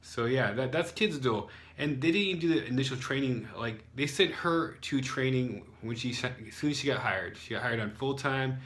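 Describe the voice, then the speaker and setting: A man's voice: mid-range voice, animated, normal speed, few pauses, fairly bright tone. A young American man, an English teacher, telling a story casually with lots of fillers and sarcastic asides. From United States.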